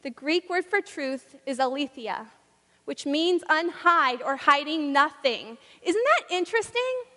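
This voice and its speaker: A woman preaches in a church, her delivery rhythmic, repetitive and emphatic. Her voice is high and bright. It echoes through a large reverberant hall. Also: expressive, unhurried. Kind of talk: sermon.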